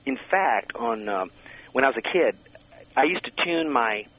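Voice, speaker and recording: A man's voice: mid-range voice, normal speed. Man from Georgia talking over the phone. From Georgia, USA. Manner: animated, lively storyteller with many restarts. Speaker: guest, sound effects expert. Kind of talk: interview chat. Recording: dull phone line.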